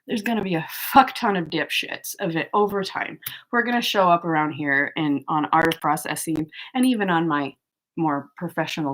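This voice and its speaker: A woman hosting her own channel, talking frankly and profanely in a casual vlog monologue, with fillers and mocking asides. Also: on the low side. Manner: frank, profane, animated storytelling with mocking quoted voices; frequent fillers and laughs. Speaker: channel host.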